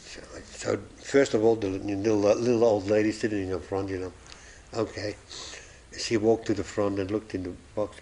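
A man's voice: on the low side, steady tone, normal speed, darkish tone, slight background noise. A man preaching a sermon, telling illustrations and acting out the voices in his stories, chuckling at his own jokes.

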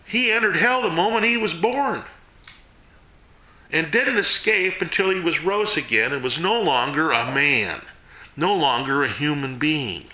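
A man giving a casual sermon to a small group, folksy and animated, jumping between loud and hushed. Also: on the high side, unhurried, roomy sound. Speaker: Bible teacher.

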